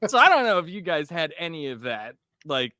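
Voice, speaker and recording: Brief: male podcast co-host, 30s, animated storyteller with a bright, lively voice, dry close mic. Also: on the high side, brisk, no room sound. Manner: animated storyteller, swears, laughs, acts out quotes. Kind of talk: casual chat.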